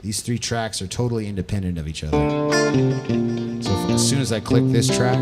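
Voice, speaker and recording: A man's voice: fairly low pitch, brisk, loud music behind the voice. A male live-looping musician walking through his gear in a loose, self-correcting way while he plays. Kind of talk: casual gear demo. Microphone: vocal stage mic.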